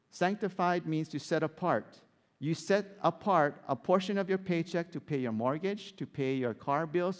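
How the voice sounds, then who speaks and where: A male pastor preaching with animated, swinging pitch and slightly high voice. He keeps asking the congregation questions. The sound carries a long hall reverb. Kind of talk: sermon.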